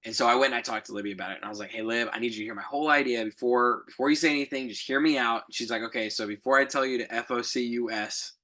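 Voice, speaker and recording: Young guy podcasting, bright forceful voice, rambly and reflective, laughs a bit. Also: mid-range voice, steady tone, racing, hardly any pauses. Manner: rambling, reflective, with fillers and self-corrections; laughs lightly while telling stories. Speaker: podcast co-host. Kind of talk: casual storytelling monologue.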